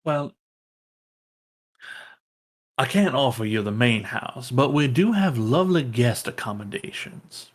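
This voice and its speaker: A man's voice: medium pitch, lively intonation, unhurried, long pauses, lightly acted. A man voicing a gracious, wealthy estate lord and father who courteously offers his guests lodging. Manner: polite, courteous and welcoming.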